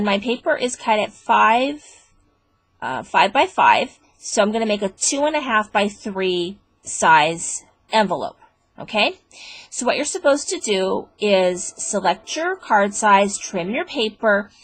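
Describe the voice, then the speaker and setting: A woman in her thirties talks through a homemade craft project at a middling pitch. She rambles with plenty of fillers and pokes fun at herself as she goes, like a casual tutorial. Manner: chatty, self-deprecating, rambling with fillers. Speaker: crafting vlogger.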